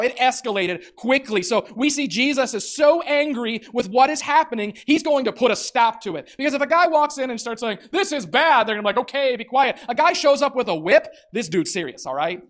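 A man preaching a sermon as pastor, animated, acting out quotes and repeating words as he builds up. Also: very high voice, a little fast.

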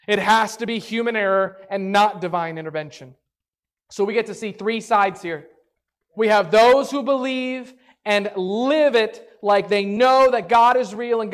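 A woman teaching a Bible story in a casual, animated way, chatty and full of "like", acting out the characters' lines. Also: medium pitch. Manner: animated, acts out the characters' lines in quick voices; chatty, peppered with "like".

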